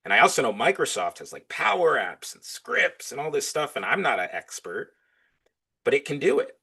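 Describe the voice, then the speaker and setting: A man's voice: medium pitch, huge pitch swings, moderate pace, creaky, bright, forceful tone, slightly rough. A man talking as a podcast guest in casual interview chat. He is enthusiastic and acts out both sides of his back-and-forth conversations.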